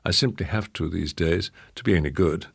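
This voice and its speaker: A man voicing an evasive English gentleman host who talks in a flustered, clipped rush. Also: low voice, a little fast, gravelly, slightly rough, full character voice.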